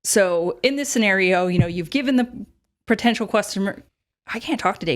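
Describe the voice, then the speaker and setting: A woman's voice: medium pitch, fairly quick. A woman in her thirties hosting a casual advice podcast, chatty, with many fillers and frequent laughs. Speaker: podcast host.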